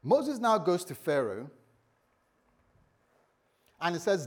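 A male pastor preaching a sermon in a church, animated and lightly teasing his congregation. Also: sits high, slow, long pauses, husky.

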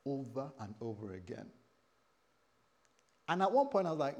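Middle-aged male preacher in his fifties, lively storyteller, slightly higher voice, mixes scripture with personal stories. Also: a little fast, gravelly, pauses often. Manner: animated storytelling, acting out quoted voices. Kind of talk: sermon.

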